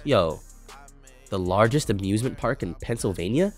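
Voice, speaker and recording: A man's voice: lowish voice, expressive, moderate pace, pauses often, soft background music. A young man in his twenties chatting on a livestream, laid-back and swearing a lot as he reacts to chat. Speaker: streamer.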